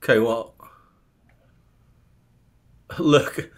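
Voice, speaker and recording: A man's voice: medium pitch, drawn-out words. A man doing an impression of a bossy older male TV psychologist who prods and mocks the other man, repeating his name. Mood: needling. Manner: prodding, mocking, repeats the other man's name.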